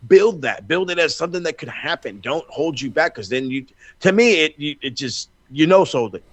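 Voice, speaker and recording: A man co-hosting a wrestling podcast in casual chat, telling stories in an animated, profane way with lots of restarts. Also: a little high, normal speed, no room sound. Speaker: podcast co-host.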